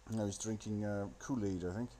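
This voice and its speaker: A man's voice: lowish voice, fairly even intonation, a little fast, dark tone, a little hiss or hum. Sardonic man mocking a movie. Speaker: solo commentator. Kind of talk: rambling movie commentary. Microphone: phone.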